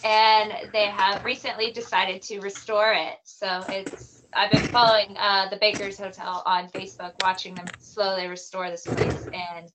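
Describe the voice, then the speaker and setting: A woman from Illinois co-hosting a podcast, chatting in an animated way, laughing a lot and swearing casually. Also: medium pitch, moderate pace, hardly any pauses, background noise. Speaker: podcast co-host. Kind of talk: casual chat.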